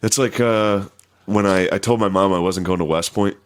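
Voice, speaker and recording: Deep-voiced deadpan podcast man. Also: clean tone. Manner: deadpan, joking, trades quick quips. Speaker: podcast co-host. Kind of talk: casual chat.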